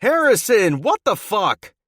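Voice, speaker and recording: A man voicing an angry male hockey player who shouts crude insults. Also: sits high, very animated, a little slow, slightly rough, no echo, studio quality, pitched above the performer's own voice, heavily acted. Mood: furious yelling.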